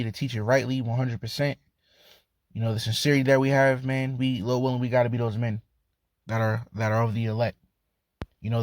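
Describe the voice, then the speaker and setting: A man's voice: mid-range voice, no room sound. A man teaching from the Bible in a loose, casual street-talk way, often chuckling and tacking "man" onto his sentences. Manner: loose and slangy, repeats "man", laughs often.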